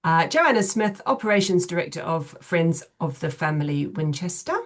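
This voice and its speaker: A middle-aged woman hosts a webinar over a video call, her voice sitting a little low. She speaks in a measured way, filling her pauses with ums and uhs as she runs through the housekeeping and the theme. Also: lively intonation. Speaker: chief executive hosting a webinar. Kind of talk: hosting an online webinar.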